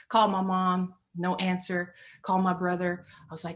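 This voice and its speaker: A woman's voice: lowish voice, little pitch movement, normal speed, hardly any pauses. A woman giving an earnest motivational talk, telling a personal story and building on repeated phrases. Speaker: motivational speaker.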